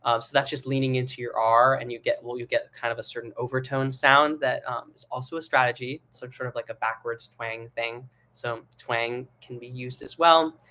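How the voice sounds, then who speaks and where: A man's voice: medium pitch, normal speed, hardly any pauses. A young man teaching a live online singing lesson, explaining at length with many fillers and now and then demonstrating with his voice. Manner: relaxed, rambling explanations with many fillers, breaks into sung and head-voice demos.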